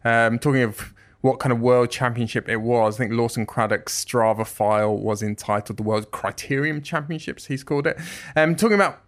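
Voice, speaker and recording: A man co-hosting a podcast, chatting casually with quick, jokey asides. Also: medium pitch. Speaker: podcast co-host.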